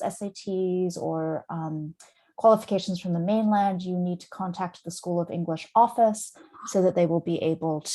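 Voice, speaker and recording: A woman's voice: on the low side, dark tone. A woman from a university department answering questions in a live online session, plain and informative with a few ums, on a video call. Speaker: university staff member helping with a Q&A.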